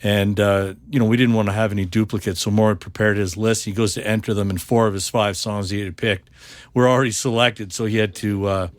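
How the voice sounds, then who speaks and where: A man's voice: on the low side, fairly even intonation, fairly quick, dry recording. Stammering man hosting a podcast. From Canada. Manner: stammering, repeats words while thinking. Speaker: podcast host. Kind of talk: casual chat.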